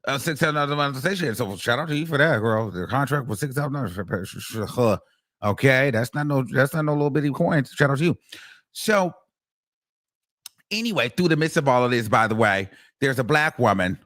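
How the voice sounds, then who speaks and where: A man hosting a casual commentary show, telling a courtroom story in with animated, profane delivery and bursts of laughter. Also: medium pitch, a little fast.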